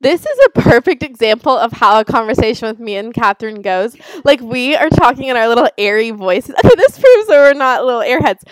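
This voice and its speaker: A woman's voice: a little high, animated, brisk, hardly any pauses, no echo, poor audio. Chatty young woman, dry sound. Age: young adult. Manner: chatty, lots of "like" fillers. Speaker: podcast host. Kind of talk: casual chat.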